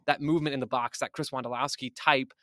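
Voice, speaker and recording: In the guest chair of a podcast, a man with a mid-range, steady, slightly bright voice breaks down tactics quickly, thinking aloud in a casual, speculative, thoughtful way. He often restarts sentences while working out his points. The recording is close and dry, with no room sound.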